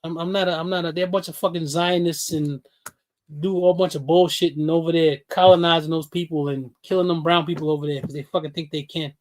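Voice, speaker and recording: A man's voice: on the high side, fairly even intonation, a little fast. A man, ranting bluntly and profanely on a casual livestream. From New York City. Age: 50s. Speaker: livestream host.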